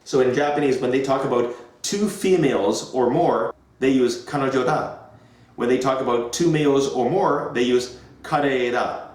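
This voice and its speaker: A man demonstrating an English lesson, drilling words slowly and over-enunciating them as he would for his students. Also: medium pitch, a little mellow. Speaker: English teacher. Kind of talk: teaching demonstration. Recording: echoey room.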